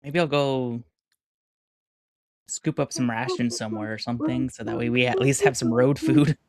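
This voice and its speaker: A player in a tabletop game speaking hesitantly and softly, with many ums. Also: medium pitch, fairly even intonation, normal speed, dry recording. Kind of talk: casual tabletop game banter.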